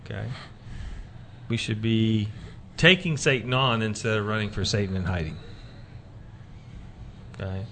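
A man's voice: fairly low pitch, measured pace, pauses often, fairly bright tone, slight background noise. A man hosting a casual faith talk radio show, rambling with many fillers and restarts.

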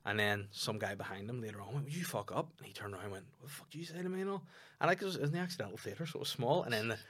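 A man's voice: fairly low pitch, racing, slightly rough. A young Northern Irish man, a comedian, chatting on a podcast and telling stories with acted-out quotes. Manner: animated storytelling, acting out quotes. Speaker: stand-up comedian and podcast co-host. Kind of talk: casual podcast chat.

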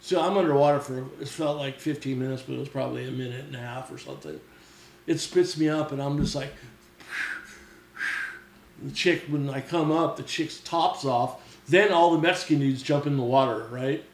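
A man's voice: medium pitch, moderate pace. A middle-aged man telling a long story as a podcast guest, swearing freely and acting out what others said. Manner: profane, animated, acts out quoted voices. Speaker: podcast guest, former mechanic. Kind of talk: casual storytelling. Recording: roomy echo.

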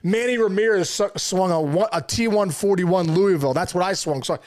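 A middle-aged man, a former pro ballplayer, telling a heartfelt story in conversation, animated, with lots of fillers and restarts. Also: sits high, a little fast. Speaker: former pro baseball player, guest.

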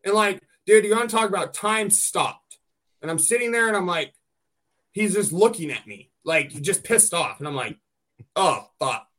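High-voiced man telling hunting stories. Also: normal speed. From California. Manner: animated storyteller, swears freely. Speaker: podcast host. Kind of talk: casual chat.

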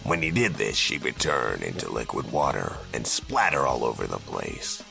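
A man narrating a fan audio drama with deadpan, dry asides. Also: extremely low pitch, moderate pace, creaky, soft background music. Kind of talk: storytelling narration.

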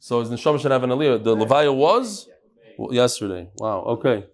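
A man leading a daily Talmud class in front of a live audience, reading out messages and joking with the room in an animated way. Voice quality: animated, jokey, quick shifts in pitch.

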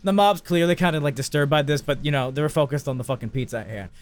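A man hosting a podcast, telling an absurd story in a rambling, profane, deadpan way. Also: on the high side, fast. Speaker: podcast host. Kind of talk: casual comedic storytelling.

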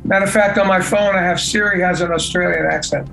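An older man with a raised, gravelly voice talks loosely as an interview guest. He wanders through his points and fills gaps with "you know." The tone stays casual and conversational throughout. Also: high-pitched, steady tone, fast, over music, rough recording. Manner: rambling, full of "you know" fillers. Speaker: guest musician.

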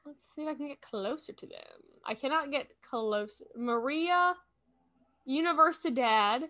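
A woman playing a guessing game, chatting casually and thinking out loud, often correcting herself mid-sentence. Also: sits high, expressive, a little slow. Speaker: game streamer. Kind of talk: casual gameplay chat.

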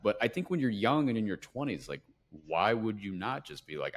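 A man's voice: lowish voice, expressive, brisk, hardly any pauses. A man hosting a podcast, asking questions in a loose, slangy way full of "like" and "dude". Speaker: podcast host. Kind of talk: casual interview chat.

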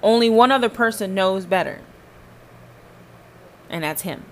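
A woman's voice: mid-range voice, measured pace. A woman hosting a podcast, talking about faith in a casual, emphatic and preachy way, speaking straight to the listener. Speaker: podcast host.

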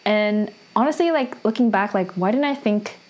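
A woman's voice: medium pitch, lively intonation, moderate pace, darkish tone. A woman casually recapping and reviewing a TV drama, chatty and full of fillers and restarts.

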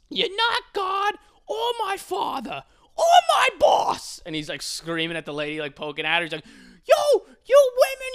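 A man's voice: on the high side, pushed and bright, clear, resonant tone, no room sound. A man delivering a profane, exaggerated, mock-serious comedic rant. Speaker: comedic commentator.

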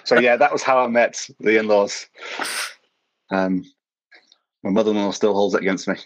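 A man with a lowish voice talks casually as a podcast guest, working his way through long personal anecdotes. He was born in South Africa and tells his stories with a self-mocking streak, often breaking into a chuckle at his own expense. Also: normal speed, poor audio. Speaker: podcast guest, former missionary. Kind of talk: casual anecdotal interview talk.

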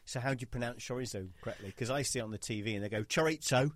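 Joking podcast host. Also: male voice, medium pitch, fairly even intonation, very fast. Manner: joking, swears, acts out quotes. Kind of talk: casual podcast chat.

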